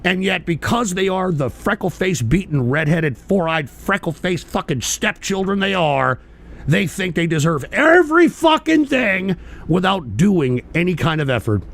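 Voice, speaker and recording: A man hosting his own livestream radio show, ranting angrily with lots of swearing and sudden shouted bursts while answering chat. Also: high voice, very animated, moderate pace, vocal fry. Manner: profane, combative, shouting bursts. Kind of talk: angry ranting commentary, reading chat.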